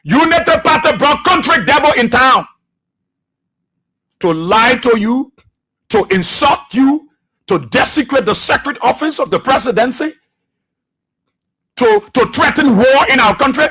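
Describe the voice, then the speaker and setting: Fiery high-voiced Liberian radio host. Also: male voice, lively intonation, unhurried, long pauses, sharp tone, husky. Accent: Liberian English. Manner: fiery, accusatory, repeating rhetorical questions. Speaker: radio talk show host. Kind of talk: political talk radio commentary. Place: radio studio.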